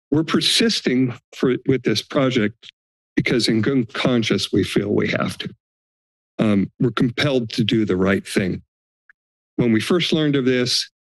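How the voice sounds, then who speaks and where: A man's voice: no echo, low-quality recording. Distraught man pleading at a podium. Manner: emotional, pleading, voice rising in pitch. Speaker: homeowner speaking at public comment. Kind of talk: public comment at a county board meeting. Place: county board chambers.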